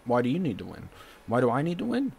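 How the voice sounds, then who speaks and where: A man streaming, ranting at the camera, agitated and swearing, swinging between loud outbursts and low muttering. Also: huge pitch swings, quick pace, creaky, slightly rough.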